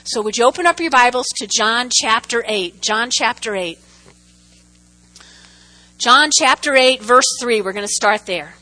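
A woman preaching with a high, bright voice. She is animated, repeats her points for emphasis and keeps checking in with her listeners. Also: measured pace, long pauses, low-quality recording. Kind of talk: sermon.

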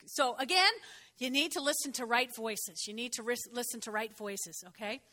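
A woman preacher delivering a conversational sermon, getting the congregation to repeat phrases after her and jumping in pitch for emphasis. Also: moderate pace. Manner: expressive, jumps in pitch for emphasis.

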